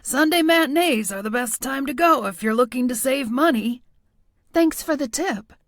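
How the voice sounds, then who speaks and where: A woman's voice: high-pitched, expressive, moderate pace, no echo, studio quality. A woman voicing a genial older male small-town police chief who asks folksy, probing questions. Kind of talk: audiobook character voice.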